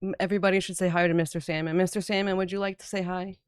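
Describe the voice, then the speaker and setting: A woman streamer hosts a casual game stream, chatting with a guest and reading chat aloud with frequent laughter. Her fairly low voice is smooth with flat delivery, and she talks at a racing pace; there's no echo. Her manner is bubbly.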